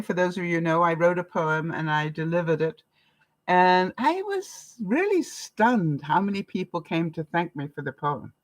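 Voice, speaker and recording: A woman's voice: fairly low pitch, dry recording, rough recording. An older woman from Canada chatting to her viewers in a casual vlog, telling stories with frequent laughs. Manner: chatty, anecdotal, laughs often, lively swings in loudness. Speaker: vlogger. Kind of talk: casual talk to camera.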